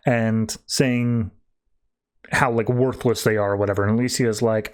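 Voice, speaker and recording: A man hosting a podcast, giving a casual comic book review with an animated recap. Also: medium pitch, normal speed. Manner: animated recap, acting out character lines. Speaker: podcast host.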